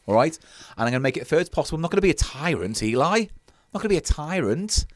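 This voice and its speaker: A man's voice: on the high side, very animated, very fast, no echo, studio quality. A man co-hosting a comedy podcast, teasing his partner in a grumpy, sweary way. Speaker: podcast co-host. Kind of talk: casual comedy podcast banter. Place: small recording pod.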